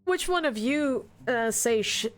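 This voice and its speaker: Animated, lively woman streamer. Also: on the high side, a little slow, slight background noise. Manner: animated, laughing, swearing, loud outbursts. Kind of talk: live game commentary and reading aloud.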